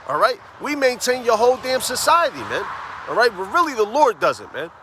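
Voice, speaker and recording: A man preaching on the street, fervent, tagging phrases with "man" and "all right?" and reading scripture slowly and emphatically. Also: very high-pitched, sing-song, bright, forceful tone, slight background noise. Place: outdoors on a city street.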